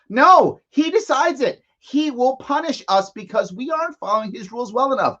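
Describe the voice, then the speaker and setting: A man's voice: extremely high pitch, expressive, moderate pace, few pauses, sharp tone, muffled recording. A man hosting a live commentary show, mocking and sarcastic as he reacts to a press conference. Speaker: host.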